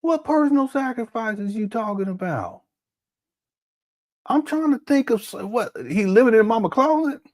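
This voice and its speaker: A man's voice: very high-pitched, lively intonation, normal speed, darkish tone. A man hosting a casual reaction commentary, joking and laughing as he fires off incredulous rhetorical questions. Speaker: commentary host.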